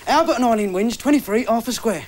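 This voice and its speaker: A woman's voice: a little high, lively intonation, quick pace, darkish tone, slight background noise, natural voice. A performer playing a puzzled young man searching for his long-lost parents. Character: dazed amnesiac grown son.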